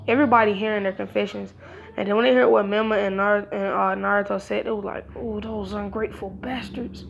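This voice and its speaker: A woman's voice: mid-range voice, level tone, fast, gravelly. A woman improvising a fan-fiction story aloud, rambling in casual slang with many restarts.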